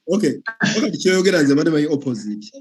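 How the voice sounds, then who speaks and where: A man's voice: fairly high pitch, darkish tone, slightly rough. Man hosting a teasing chat. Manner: questioning, teasing, laughs often. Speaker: host. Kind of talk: casual interview chat.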